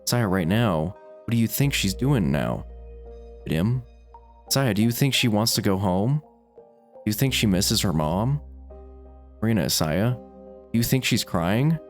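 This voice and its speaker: A man's voice: on the low side, animated, measured pace, pauses often, faint music behind. A man reading the lines of a grieving teenage girl in a visual novel, hesitant and trailing off. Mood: subdued.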